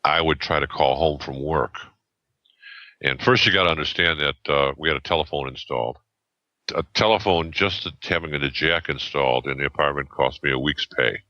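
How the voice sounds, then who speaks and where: A man in his seventies, a podcast guest, telling a story in a rambling, halting way with many restarts and fillers, on a dull lo-fi recording. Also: very deep voice, pushed and bright, dry recording. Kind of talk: casual storytelling. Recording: dull lo-fi sound.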